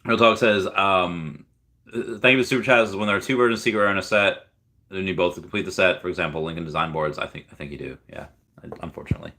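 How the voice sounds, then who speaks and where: Brief: deep-voiced male streamer, loose rambling chat, reads comments out to viewers. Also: fast talker, pushed and bright. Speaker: livestream host. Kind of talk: casual livestream chat.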